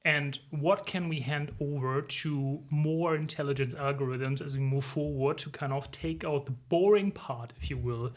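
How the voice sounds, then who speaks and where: A podcast interview features a consultant in his forties whose voice is fairly high-pitched. He replies in a measured, reflective style, leaning on lots of "um"s and the phrase "if you will."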